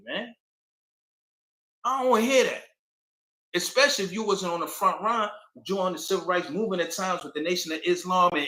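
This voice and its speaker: A man's voice: sits high, bright, forceful tone, roomy sound, rough recording. A man talking casually and rambling straight to his viewers on a livestream. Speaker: livestream host.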